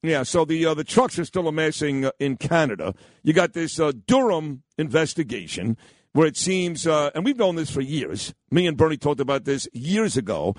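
A man hosts a radio show, his pitch sitting a little high and swinging widely as he tells a story. He talks in a blunt, rambling way, and the studio sound is close and dry. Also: sing-song, moderate pace, dry recording. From New York. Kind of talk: storytelling and opinionated chat.

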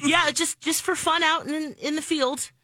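A woman co-hosting a morning radio show, chatting in a bubbly way, quick to cheer along. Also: high voice, steady tone, crowd noise. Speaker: radio co-host. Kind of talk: casual morning radio banter.

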